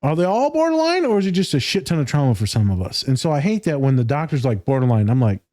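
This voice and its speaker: A man's voice: a little high, big pitch swings, fast talker, mellow. A man hosting a casual podcast chat, talking about his clients bluntly and profanely with plenty of laughter. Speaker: podcast host, therapist.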